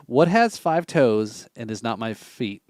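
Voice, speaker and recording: A man's voice: medium pitch, big pitch swings, a little slow, darkish tone, dry recording, clean studio sound. Playful man cracking puns on a podcast. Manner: playful, trades puns and dad jokes. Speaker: podcast co-host. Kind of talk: casual chat.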